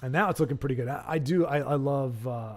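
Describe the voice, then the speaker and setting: A man's voice: medium pitch, quick pace, faint music behind. A man casually commentating a card game on a live stream, reading chat aloud, rambling and correcting himself with jokes. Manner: rambling, self-correcting, jokey.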